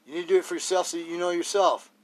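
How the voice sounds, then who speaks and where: A man's voice: high voice, fairly even intonation, racing. Blunt man rambling on a podcast. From Idaho, US. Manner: blunt, raw, rambling, with rhetorical questions. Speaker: podcast host. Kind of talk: solo podcast monologue.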